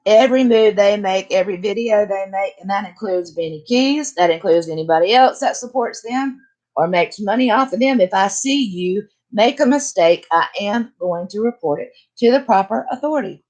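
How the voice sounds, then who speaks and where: A woman's voice: mid-range voice, moderate pace, darkish tone. Blunt older woman, fired up. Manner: blunt, heated and emphatic. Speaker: channel host. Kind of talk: casual livestream chat.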